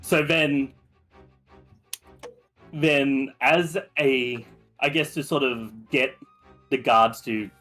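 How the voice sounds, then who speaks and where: A man's voice: medium pitch, fairly even intonation, drawn-out words, long pauses, sharp tone, soft background music, poor audio. A man playing a tabletop game, talking hesitantly with many trailing restarts. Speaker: player. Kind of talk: casual tabletop play chat.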